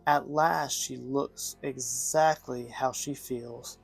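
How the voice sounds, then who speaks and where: A man hosting an art studio video, reading a picture book aloud in a gentle, measured way and chatting to viewers while he paints. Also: mid-range voice, steady tone, creaky, dry recording, faint music behind. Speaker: art studio host and father.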